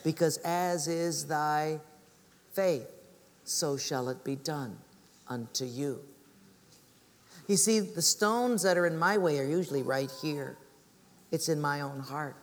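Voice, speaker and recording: A pastor with a fairly high voice delivers a sermon, slipping into the voices of the people in his stories. The hall rings with long reverb behind him. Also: slow pace, long pauses.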